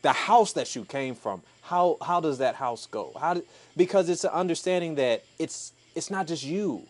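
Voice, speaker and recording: A man's voice: a little high, expressive, moderate pace. A man co-hosting a podcast, explaining his ideas in a thoughtful and emphatic way. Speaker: podcast co-host. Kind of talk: casual conversational discussion.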